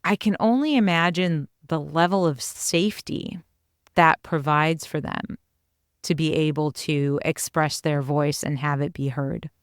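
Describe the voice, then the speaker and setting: A woman's voice: deep voice, unhurried, smooth, no room sound, studio quality. A woman co-hosting a parenting podcast, speaking in an earnest, encouraging and casual way. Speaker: podcast co-host, parenting coach. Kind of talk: casual conversational explanation.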